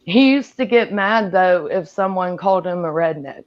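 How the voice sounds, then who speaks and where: A woman's voice: fairly low pitch, lively intonation, normal speed, dull audio. A woman from Appalachia chatting frankly as a guest on a livestream. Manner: frank, chatty, laughs easily. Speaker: guest panelist. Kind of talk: casual chat.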